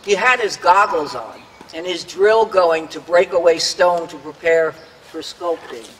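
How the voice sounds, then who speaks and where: A man's voice: fairly high pitch, measured pace, a bit bright, long reverb tail, slight background noise, low-quality recording. An older man giving a prepared, earnest speech at an outdoor memorial dedication, reminiscing about the past and acting out the voices he quotes. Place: outdoors at a public dedication ceremony.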